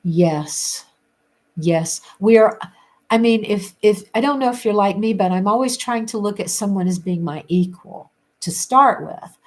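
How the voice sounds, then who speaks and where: A woman hosting a casual chat, reading viewer comments aloud and musing with frequent restarts and soft laughs. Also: mid-range voice, measured pace. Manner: rambling, restarts often, laughs between thoughts.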